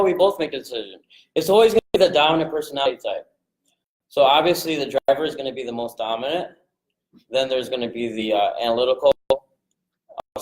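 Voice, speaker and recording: Casting note: energetic male sales coach, mid-pitched, acts out calls, roomy echo. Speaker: real estate investing coach. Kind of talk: casual coaching talk to a group.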